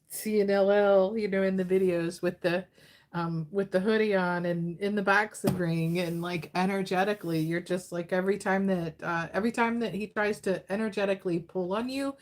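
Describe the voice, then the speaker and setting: A woman's voice: on the low side, normal speed, darkish tone. A woman doing a casual livestream tarot reading, chatty and given to laughing, her voice tired after hours of talking and reading to her chat. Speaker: tarot reader.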